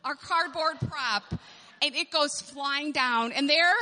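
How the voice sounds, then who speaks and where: A woman giving an animated storytelling sermon to a group of moms, laughing often as she speaks. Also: high voice, slow. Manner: animated, laughs often while telling stories. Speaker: speaker at a moms' gathering. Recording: long hall reverb.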